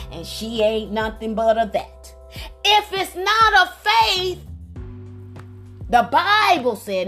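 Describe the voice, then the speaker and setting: High-pitched lady preacher on a prayer call, slow and fired up, soft music under her. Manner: fervent, exclaims "oh my God", repeats phrases for emphasis; calls on listeners by name for responses. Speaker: minister leading a prayer line. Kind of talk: preaching sermon. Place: phone prayer line.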